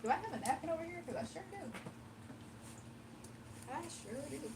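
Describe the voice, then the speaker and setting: Chatty high-voiced woman on a live stream. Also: lively intonation, moderate pace, far from the mic, noisy background. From US East Coast. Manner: chatty, laughs often, reads viewer comments aloud. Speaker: live-stream tarot reader. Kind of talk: casual live-stream chat. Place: home, early morning.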